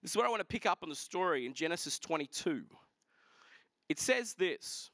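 A man preaching a sermon, retelling a scripture story in a lively, casual way with asides to the congregation. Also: a little high, fairly quick, dry recording. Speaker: pastor.

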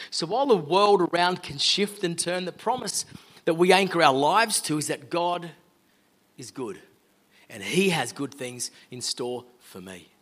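A man's voice: on the high side, expressive, unhurried, a bit bright. A middle-aged Australian man giving an earnest, conversational sermon-style talk as a guest speaker. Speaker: guest speaker, law firm owner.

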